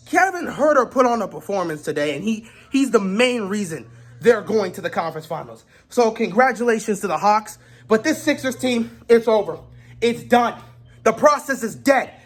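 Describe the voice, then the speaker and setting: A woman delivering a heated sports rant, exasperated and repeatedly shouting in disbelief. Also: on the high side, expressive, moderate pace, slightly rough. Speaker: sports commentator.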